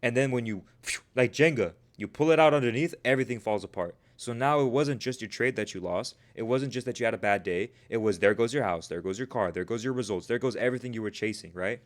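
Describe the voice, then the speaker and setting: A man with a mid-range voice talks quickly on a live stream, coaching traders and answering chat. He's casual, emphatic and preachy in a motivational way, calling viewers "you guys" and "bro" and repeatedly asking "right?"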